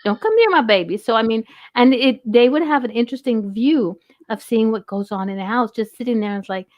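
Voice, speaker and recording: A woman's voice: fairly high pitch, fairly even intonation, fairly quick, no room sound, muffled recording. A woman hosting a casual chat, rambling along with frequent restarts and reading viewer questions. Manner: chatty, rambling, with many restarts. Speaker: host.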